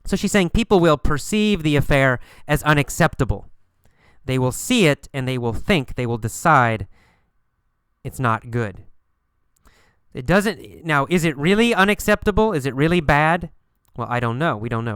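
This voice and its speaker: Man teaching English in a dry, clear voice. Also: fairly high pitch, lively intonation, fairly bright tone, no echo. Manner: slow, repetitive explaining with acted examples. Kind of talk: recorded English vocabulary lesson.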